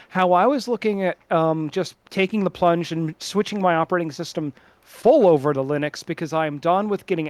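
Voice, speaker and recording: A man's voice: high voice, dry recording. A man co-hosting a casual podcast with friends, rambling with lots of fillers and restarts. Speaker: podcast co-host. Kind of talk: casual chat among friends.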